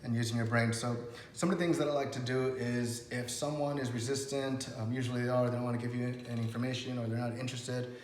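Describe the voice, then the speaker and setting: A man's voice: medium pitch, level tone, quick pace, reverberant, big-room sound, slight background noise. A man giving a casual sales lesson, acting out customer conversations and laughing often. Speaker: sales trainer. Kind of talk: casual instructional talk.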